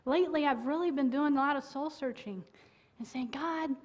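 A woman preaching a sermon in an earnest way, with dramatic pauses and sudden loud bursts. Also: high voice.

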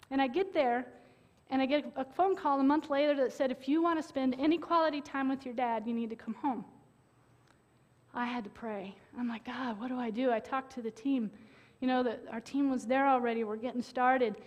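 A woman's voice: high-pitched, in a large hall. A woman preaching a sermon in earnest, sharing a personal story with emotion and appeals to the congregation.

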